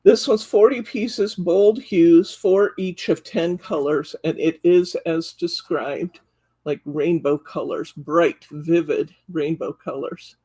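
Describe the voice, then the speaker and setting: A woman's voice: fairly low pitch, takes it slowly, mellow, breathy edge. A woman hosting a live craft store show-and-tell, enthusiastically describing card stock packs and counting sheets aloud as she flips through them. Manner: enthusiastic, gushing over products.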